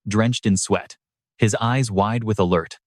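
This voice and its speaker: A man's voice: on the low side, measured pace, no room sound, studio quality. A man narrating a story recap in a dramatic, scripted storytelling manner. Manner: dramatic storytelling with brief voiced quotes.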